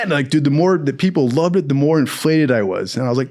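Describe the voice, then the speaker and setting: A young man telling a rambling, profane story in a casual, animated way, laughing often. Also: a little high, fast.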